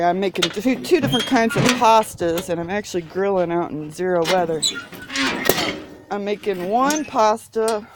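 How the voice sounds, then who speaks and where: A woman with a Midwestern accent rambles through a folksy story on her home vlog. She drifts off topic, laughs often and drawls her words. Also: fairly low pitch. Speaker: vlogger. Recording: distant mic, faint background noise.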